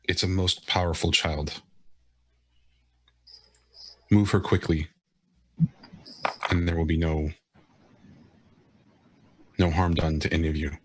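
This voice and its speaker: A man's voice: low voice, level tone, slow pace, long pauses. A man voicing a commanding female vampire club owner in formal, grave speech.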